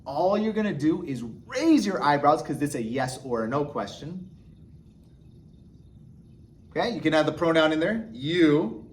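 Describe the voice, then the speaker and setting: A man's voice: on the high side, sing-song, a little slow, pauses often. A man teaching sign language step by step, patiently checking in with short "okay?" questions. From United States. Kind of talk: instructional explanation.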